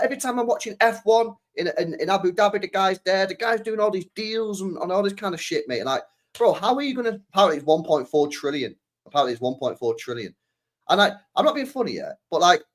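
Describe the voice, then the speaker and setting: A young man, hosting a podcast in a casual, swearing rant full of rhetorical questions. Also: on the high side. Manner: animated, swears a lot, fires rhetorical questions. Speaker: podcast host.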